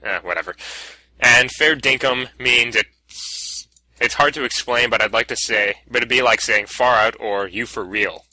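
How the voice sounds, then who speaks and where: Brief: upbeat male podcast host, bright sharp tone, average pitch. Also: measured pace, poor audio. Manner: prodding, reads listener submissions. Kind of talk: casual podcast chat.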